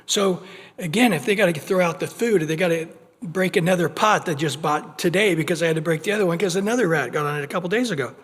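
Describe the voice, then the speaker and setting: High-voiced animated pastor in a church hall. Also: male voice, quick pace, breathy edge. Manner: animated, acting out little everyday scenes; conversational, with restarts and repeated words. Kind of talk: expository sermon. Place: church sanctuary. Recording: long reverb of a church hall.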